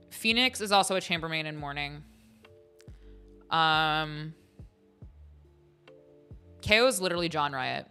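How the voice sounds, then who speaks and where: A woman's voice: sits low, animated, unhurried, long pauses, sharp tone, soft background music. A woman host chatting casually on a livestream, rambling and giggling with many fillers.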